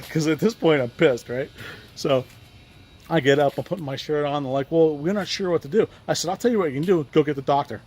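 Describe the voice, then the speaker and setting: A man's voice: a little high, moderate pace, darkish tone. A man in a casual vlog, telling a rambling, frustrated story about a medical appointment and acting out both sides of each conversation. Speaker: vlogger recounting a medical appointment.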